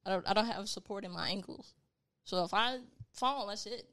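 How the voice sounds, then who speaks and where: A woman's voice: mid-range voice, normal speed, a bit bright. A young woman co-hosting a casual chat, talking loosely and filling gaps with "like.". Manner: chatty, trailing off with lots of "like".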